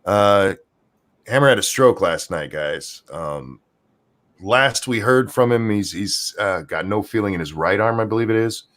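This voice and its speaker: A man's voice: on the low side, lively intonation, a little slow, fairly bright tone. A man co-hosting a livestream in casual chat, reading out and thanking viewers' donations. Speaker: co-host.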